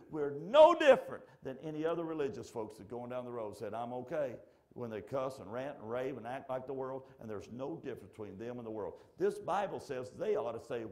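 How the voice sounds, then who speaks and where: A pastor preaching a sermon in a church, swinging from shouted lines to hushed, close asides. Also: male voice, on the high side, expressive, normal speed, few pauses. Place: church sanctuary.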